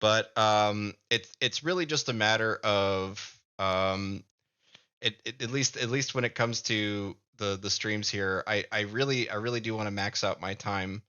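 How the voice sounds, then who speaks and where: A man with a Midwestern accent chatting casually on a live stream, halting and repeating words as he thinks aloud. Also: fairly low pitch, pushed and bright, smooth, lo-fi sound. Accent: Midwestern American. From American Midwest. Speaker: live streamer and comic creator.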